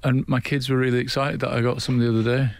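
A man's voice: medium pitch, little pitch movement, quick pace, vocal fry. A man from Scotland co-hosts a radio show from a studio. He is easygoing and agreeable. He makes self-deprecating remarks in casual chat. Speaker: radio co-host.

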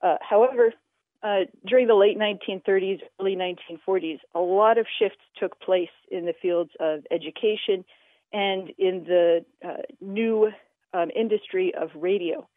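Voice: medium pitch, moderate pace, no echo. An interview guest explaining language history in a radio interview, talking with many filler sounds. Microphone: telephone. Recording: tinny phone line, dry.

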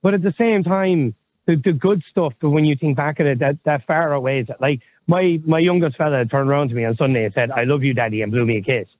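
A man's voice: on the high side, quick pace, dry recording. A man in his thirties co-hosting a podcast, chatting in a rambling, candid way and swearing casually. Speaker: podcast co-host. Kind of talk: casual chat. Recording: tinny phone-like line.

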